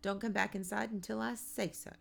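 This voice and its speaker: A woman reading an audiobook, voicing an exasperated mother who scolds and shouts at her boys. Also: medium pitch, fairly even intonation, fairly quick, gravelly, pitched above the performer's own voice. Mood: shouting.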